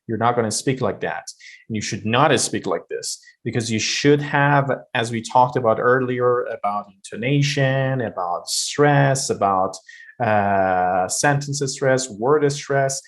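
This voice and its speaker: A man teaching an online English pronunciation lesson, explaining and sometimes demonstrating a flat robotic reading. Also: mid-range voice, unhurried.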